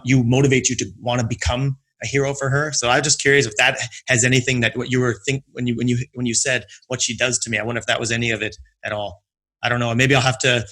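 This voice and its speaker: A man's voice: mid-range voice, fairly bright tone. A man hosting a podcast interview, thinking aloud through long questions with frequent restarts. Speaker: podcast host. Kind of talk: conversational interview.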